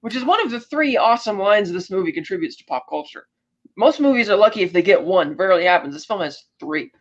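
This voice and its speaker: A podcast co-host, a woman with a lowish, expressive voice, talks fairly quickly through a casual movie recap, retelling scenes and acting out character lines. The sound quality is lo-fi.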